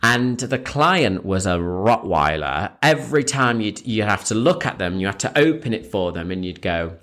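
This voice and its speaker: Very low-voiced woman telling stories. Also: sing-song, normal speed. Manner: swears freely, acts out quoted people in storytelling. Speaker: podcast co-host. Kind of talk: casual chat.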